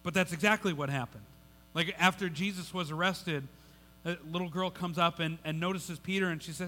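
A man's voice: high voice, steady tone, fairly quick, pushed and bright, slight background noise. A male pastor preaching a sermon in a conversational way, often repeating words and restarting his sentences. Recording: long hall reverb.

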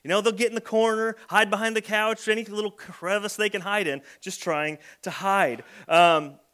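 A man's voice: high voice, steady tone, normal speed, bright, forceful tone, clean tone. A man preaching a conversational sermon as a pastor, telling everyday stories. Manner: conversational storytelling with acted kid voices.

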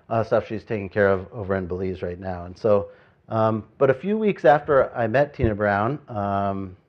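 Muffled pastor preaching conversationally. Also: male voice, mid-range voice. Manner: conversational preaching with sudden loud emphasis and quiet asides. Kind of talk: sermon.

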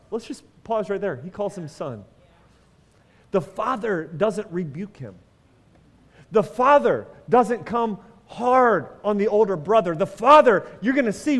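A pastor giving a sermon in a conversational way, putting questions to the congregation and adding wry humor. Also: male voice, high voice. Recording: long reverb of a large hall.

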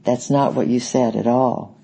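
A man's voice: mid-range voice, steady tone, unhurried, vocal fry, warm tone, breathy edge, poor audio. A man reading the part of a defiant, sulky young woman prisoner who protests sharply. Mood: protesting.

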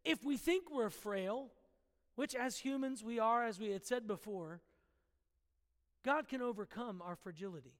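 A man's voice: very high-pitched, unhurried, big-room sound. A man preaching a sermon in an emphatic, conversational way, asking his listeners questions directly.

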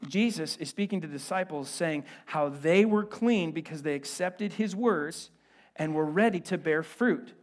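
Pastor, male, fairly high voice; lively, chatty sermon delivery with joking asides. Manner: animated, conversational, playful asides. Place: church.

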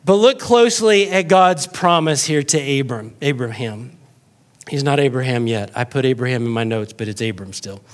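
A man's voice: medium pitch, animated, moderate pace. A man from the North Texas Panhandle, preaching a sermon in a jokey, conversational way. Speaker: pastor.

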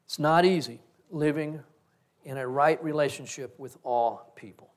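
A man's voice: a little high, measured pace. A middle-aged male pastor giving a reflective, story-driven sermon.

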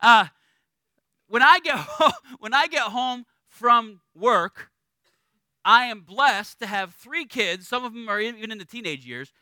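A middle-aged man preaching a sermon as a pastor, conversational and animated, acting out little voices in his stories. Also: very high-pitched, measured pace, clean tone, dry recording.

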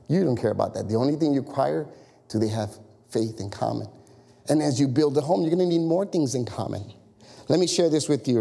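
Animated pastor preaching in a reverberant hall. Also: male voice, mid-range voice, gravelly. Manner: animated, conversational preaching with rhetorical questions. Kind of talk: sermon.

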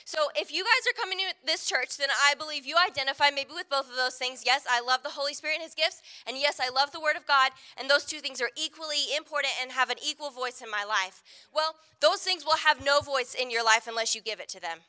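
A woman pastor delivers a sermon in a relaxed, conversational way. Her voice sits high and sounds very bright and sharp. She keeps turning to the congregation with quick asides. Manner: conversational, frequent "right?" asides.

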